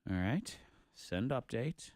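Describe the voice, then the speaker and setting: A middle-aged man hosting a morning radio show, talking in an animated, emphatic way and running the board as he goes. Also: medium pitch, slow pace, dry recording, studio quality. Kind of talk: casual radio banter. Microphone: studio microphone.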